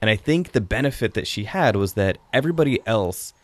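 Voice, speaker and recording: A man's voice: lowish voice, animated, a little fast, no room sound. A man hosting a casual podcast chat, reviewing a film in a rambling, chatty way with frequent laughs.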